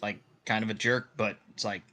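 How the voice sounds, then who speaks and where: A man's voice: lowish voice, fairly even intonation, a little fast, bright, forceful tone. A man playing a tabletop game, talking in character in a hesitant way with many fillers. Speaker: player.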